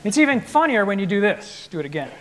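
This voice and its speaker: A man playing piano in a trio, explaining the music to a live audience in an animated, playful lecture-demonstration. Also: sits high, quick pace, noisy background. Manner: animated, playful explainer acting out the composer's attitude. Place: concert hall with live audience.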